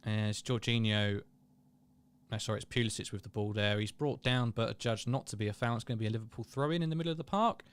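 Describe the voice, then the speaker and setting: With a lowish, smooth voice and a fast delivery, this young man runs a live watchalong of a match. He's chatty and self-deprecating, reading viewers' comments aloud and calling the action as it happens.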